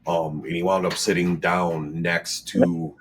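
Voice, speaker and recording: A man's voice: deep voice, level tone, slow, slight background noise. A man talking casually in a podcast chat, rambling with lots of fillers and restarts.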